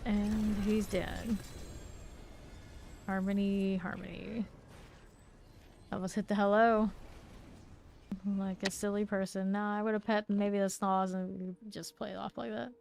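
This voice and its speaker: A woman's voice: mid-range voice, little pitch movement, unhurried, vocal fry, long pauses, darkish tone, slight background noise. A woman streaming a game live, chatting casually and narrating her moves with small laughs. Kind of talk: casual live gameplay commentary.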